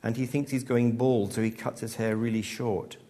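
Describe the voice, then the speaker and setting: A man reading aloud, voicing a frank young woman who talks bluntly and calmly. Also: mid-range voice, moderate pace, lightly acted. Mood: chatty. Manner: blunt, then calm and reasoning.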